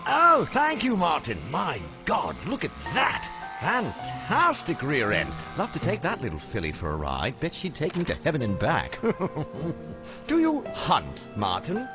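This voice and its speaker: An actor playing a lecherous, crude posh boss, in a game ad. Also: male voice, fairly high pitch, huge pitch swings, measured pace, long pauses, music in the background. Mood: leering. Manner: leering, boisterous.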